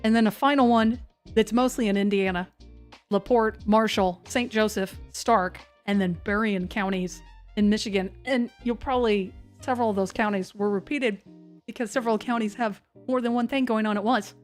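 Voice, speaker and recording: A woman's voice: mid-range voice, steady tone, moderate pace, soft background music. A woman hosting a live severe weather stream in a chatty, scattered, self-mocking way. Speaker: severe weather livestream host. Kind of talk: casual live commentary.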